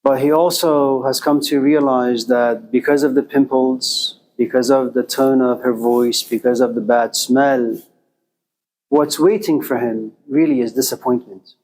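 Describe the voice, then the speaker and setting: Slow, animated male lecturer. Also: mid-range voice, low-quality recording. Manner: animated storyteller, acting out voices. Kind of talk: storytelling lecture.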